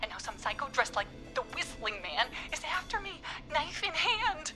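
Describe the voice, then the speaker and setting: A panicked caller fleeing a killer. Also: female voice, sits high, sing-song, moderate pace, over music. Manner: panicked, breathless pleading. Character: terrified young woman fleeing a killer.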